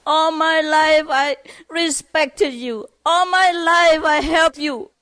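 Woman puts on a wronged father, higher and earnest, slow emphatic delivery. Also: lively intonation. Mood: anguished. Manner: emphatic, heartfelt. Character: reassuring father, then a betrayed man.

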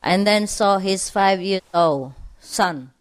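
A woman telling humorous stories to an audience, chuckling often between them. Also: mid-range voice. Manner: chuckling, unhurried. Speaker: storyteller.

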